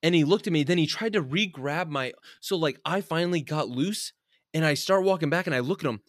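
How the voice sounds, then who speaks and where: A young man co-hosting a casual chat, telling a story in an animated way, swearing freely and laughing often. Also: fairly high pitch, fairly quick, no room sound, clean studio sound.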